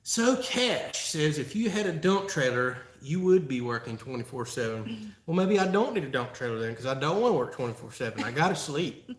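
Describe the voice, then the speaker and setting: A man's voice: mid-range voice, expressive, fairly quick. A man from Florida, hosting a casual live-stream Q&A and chatting in a folksy way with frequent laughs. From Florida, USA. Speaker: channel host answering live chat. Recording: roomy echo.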